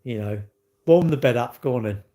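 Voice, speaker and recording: A man's voice: medium pitch, moderate pace, dark tone. A man hosting a live stream, chatting and joking with viewers in cheeky banter that jumps from topic to topic.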